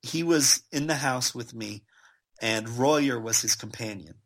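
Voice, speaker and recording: A man telling stories in a casual chat, animated and quick to laugh as he acts out people he quotes. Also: medium pitch. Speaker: guest. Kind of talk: casual storytelling.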